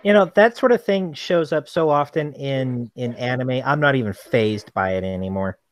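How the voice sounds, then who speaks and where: A man's voice: mid-range voice, normal speed. A man co-hosting a casual chat with a dry, teasing manner. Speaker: co-host.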